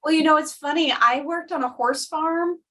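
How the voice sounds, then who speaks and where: A woman's voice: sits high, moderate pace, fairly bright tone, distant mic, poor audio. A woman hosting a podcast, chatting casually and telling stories with a laugh now and then. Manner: chatty storyteller, laughs often. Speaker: podcast host. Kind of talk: casual chat.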